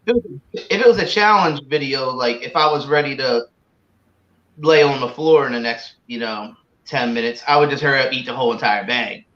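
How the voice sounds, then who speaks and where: A man's voice: medium pitch, a little fast, fairly bright tone. A man chatting casually on a livestream about tasting spicy snacks, rambling with lots of "like" and "uh". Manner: rambling, full of "like" and "uh". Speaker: guest tasting hot snacks. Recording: echoey lo-fi call audio.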